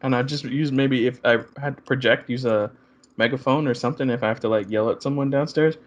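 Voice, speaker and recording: A man's voice: mid-range voice, steady tone, brisk, dull audio. A man in a casual chat who talks playfully and laughs often. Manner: giggly, playful.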